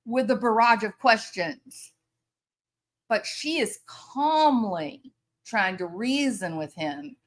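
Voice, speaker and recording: A woman's voice: a little high, a bit bright. A woman commentator reacting to a news story, incredulous and sarcastic, often laughing in disbelief.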